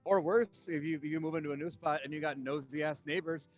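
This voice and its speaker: A man's voice: a little high, fairly even intonation, fast, few pauses. Blunt cussing man, muffled sound. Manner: blunt, profane, joking. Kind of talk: casual chat.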